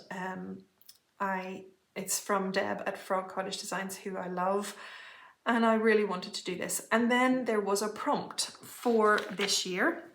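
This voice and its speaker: A woman's voice: medium pitch, fairly bright tone, roomy sound. A woman hosting her cross-stitch show, chatting casually about her projects with frequent little laughs and apologetic asides. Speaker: flosstube host. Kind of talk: casual show-and-tell chat.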